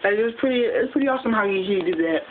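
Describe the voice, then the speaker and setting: A casual fan recap of a TV episode, told in a quick, rambling way with plenty of restarts. The audio is thin and phone-like. A faint hiss runs under the voice. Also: mid-range voice, lively intonation. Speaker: TV episode reviewer.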